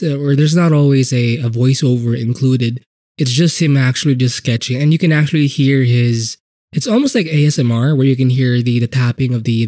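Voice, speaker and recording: A man's voice: mid-range voice, dark tone, dry recording, studio quality. Rambling, foul-mouthed podcast man with a blocked nose. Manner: rambling, profane, lots of fillers. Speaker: podcast host. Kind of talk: casual solo podcast talk.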